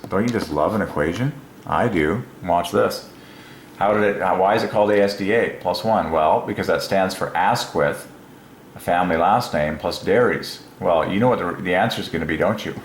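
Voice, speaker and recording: Excitable low-voiced man in an echoey room. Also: a little hiss or hum. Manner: exclaiming, rambling, chuckling between phrases. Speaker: video channel host. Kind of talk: excited solo monologue. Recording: roomy echo with faint ambience.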